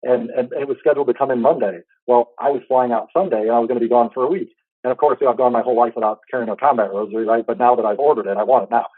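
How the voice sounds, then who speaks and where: A man in his thirties telling a heartfelt personal story in a casual, halting way, full of restarts. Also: medium pitch, fairly even intonation, no echo, phone-quality sound. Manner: fast, halting, with many restarts and fillers; earnest, heartfelt. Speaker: podcast host.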